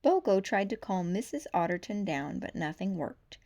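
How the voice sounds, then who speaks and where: Woman, children's storytime reader, expressive, mid pitch. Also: normal speed. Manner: lively expressive narration. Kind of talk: reading a children's book aloud.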